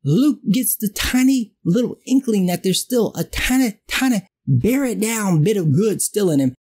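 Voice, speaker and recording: Husky man ranting with lively pitch. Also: moderate pace. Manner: profane, exasperated ranting. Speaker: film reviewer. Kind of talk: ranting film review.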